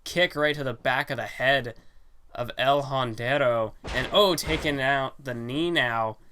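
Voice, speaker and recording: With game music and a bit of background noise, a young man comments on a wrestling video game for his gaming channel. His medium-pitched voice is bright and forceful at a moderate pace, and the rambling commentary is full of fillers and self-corrections.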